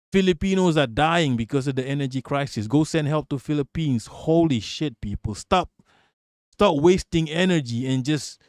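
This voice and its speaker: A male live streamer with a somewhat high voice rants at his chat in a loose, rambling, profane flow. He is blunt and laughs often between remarks. The sound is dry and close, with little room around it. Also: darkish tone, dry recording. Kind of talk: live-stream political commentary.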